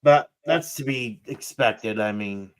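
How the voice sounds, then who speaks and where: A man's voice: mid-range voice, slow, dry recording. A man hosting a casual podcast, chatting in a laid-back, rambling way that often trails off. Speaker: podcast host. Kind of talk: casual chat reacting to trailers.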